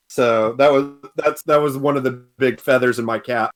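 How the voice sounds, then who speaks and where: A man's voice: mid-range voice, steady tone, quick pace, few pauses. A young man, a guest on a casual podcast, telling a story with frequent laughs.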